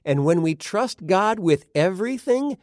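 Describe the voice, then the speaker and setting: A man reads a children's story with a high, very lively voice, taking his time and pausing for drama. His voice sounds close and dry, with no room around it. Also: dry recording. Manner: expressive, dramatic pauses, questions to listeners. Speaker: narrator. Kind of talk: children's Bible story reading.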